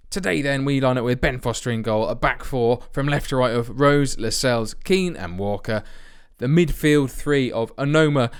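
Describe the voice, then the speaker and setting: A man's voice: mid-range voice, normal speed, clear, resonant tone. A man giving sarcastic, ranting commentary on a football management game he plays at home. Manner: sarcastic, ranting, swears for comic effect. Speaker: let's play host.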